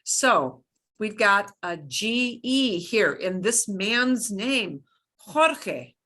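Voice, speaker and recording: A middle-aged woman leads a beginner Spanish class, sounding out each word with slow, deliberate care. Her voice is bright and forward, and she takes her time. She repeats words patiently so learners can follow. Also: mid-range voice, big pitch swings. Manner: slow, clear modeling of pronunciation. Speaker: Spanish teacher. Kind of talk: beginner language lesson.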